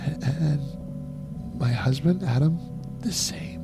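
A man's voice: fairly high pitch, slow, music in the background, pitched above the performer's own voice. A man doing an innocent, hesitant young woman. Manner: hesitant, polite, soft. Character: innocent, wide-eyed young first woman, polite.

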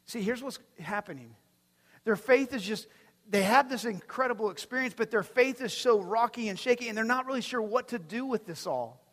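A man preaching a sermon as pastor, animated and swinging from hushed to loud. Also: very high-pitched, moderate pace. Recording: long reverb from a large hall.

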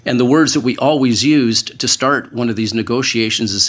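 A man who was once a hostage negotiator, speaking as a panel guest in an earnest, measured way and slowing down to stress key words. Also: mid-range voice, a bit bright, husky. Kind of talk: panel discussion.

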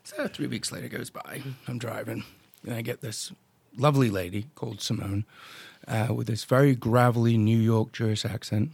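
A man casually telling a story as a podcast guest, animated and acting out the people he quotes, with some swearing. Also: medium pitch, normal speed, vocal fry, slightly rough, dry recording. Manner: salty, swears freely. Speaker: podcast guest, drone business owner.

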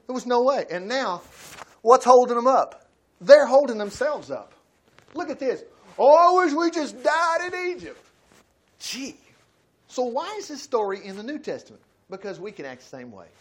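Folksy preacher, high voice. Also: male voice. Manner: folksy, acts out quotes with sudden loud outbursts. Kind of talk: Bible study sermon.

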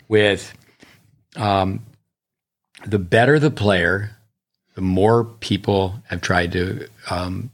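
Low-voiced man, a rambling coach. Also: drawn-out words, pauses often. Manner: rambling, anecdotal, with bursts of speed. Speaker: tennis coach. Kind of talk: casual podcast chat.

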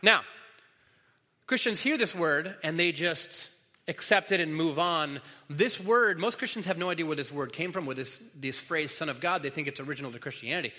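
Male pastor, casual sermon delivery with fillers, slightly high voice, long hall echo. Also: moderate pace, bright, forceful tone. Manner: casual teaching with many fillers and restarts.

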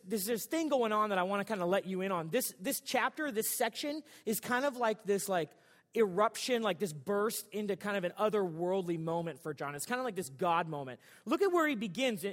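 High-voiced joking pastor in a hall. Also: male voice, animated, brisk. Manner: casual, joking, conversational preaching. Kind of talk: sermon. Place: church sanctuary.

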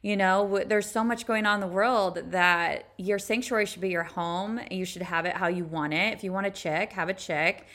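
A woman co-hosting a podcast, telling everyday stories with lots of "like" and animated retelling. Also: medium pitch, moderate pace, hardly any pauses. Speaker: podcast co-host. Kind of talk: casual storytelling chat.

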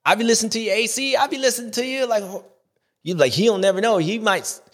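A man's voice: high-pitched, quick pace. A man hosting a recap show, talking in a playful, slangy, rambling way. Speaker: show host. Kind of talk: casual rambling recap monologue.

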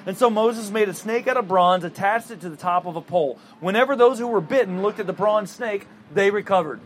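High-voiced conversational male preacher. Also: fairly quick, slight background noise. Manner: conversational storytelling with rhetorical questions. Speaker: pastor. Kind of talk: sermon.

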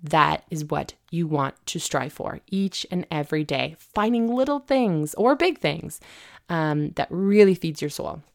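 A woman's voice: sits low, lively intonation, unhurried, vocal fry. A woman hosting a podcast in a casual, encouraging monologue, chatty and addressing her listeners directly. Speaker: podcast host.

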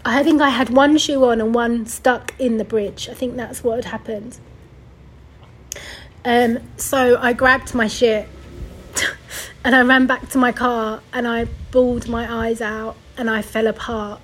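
A woman's voice: a little high, steady tone, a little slow, a little hiss or hum, low-quality recording. A young woman hosting a podcast, telling a personal story in a tearful, rambling way, sighing and correcting herself as she goes. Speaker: podcast host.

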